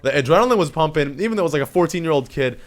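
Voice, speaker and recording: A young man from Canada, vlogging a story in casual chat, animated and swearing freely as he acts out what people said. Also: fairly high pitch, racing.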